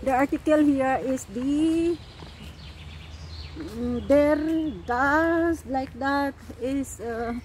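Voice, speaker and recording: A woman's voice: high voice, very slow, a little mellow, a little hiss or hum. A woman from the Philippines, vlogging casually on an outdoor walk, laughing often and restarting her sentences. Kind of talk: casual vlog chat.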